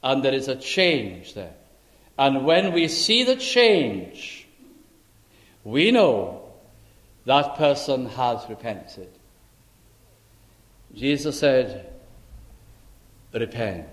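A man preaching a sermon, telling a story slowly and deliberately and acting out the dialogue. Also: medium pitch, sing-song.

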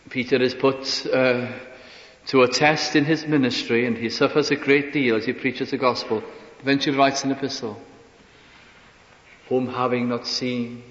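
Male preacher, earnest sermon voice with rhetorical questions, dull lo-fi sound, long hall reverb. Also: mid-range voice. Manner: earnest, rhetorical questions, drops to soft asides. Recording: dull echoey hall recording.

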